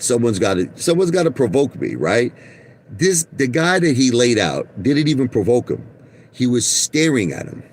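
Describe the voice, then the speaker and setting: A middle-aged man rambles through brash stories from his car, his pitch leaping up and down as he goes. He keeps pulling the listener in with "listen to me" and "okay?" A faint hum of noise sits behind him. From Brooklyn, New York. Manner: boastful, repeats "listen to me" and "okay?", laughs mid-story. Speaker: vlogger. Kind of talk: rambling storytelling and boasting to viewers. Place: inside his parked car.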